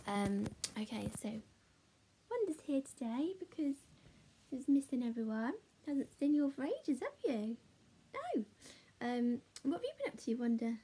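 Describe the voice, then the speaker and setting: A woman teaching a children's phonics lesson in a slow, sing-song, encouraging way, chatting with a puppet. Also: sits high, big pitch swings, warm tone, slight background noise. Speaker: primary school teacher.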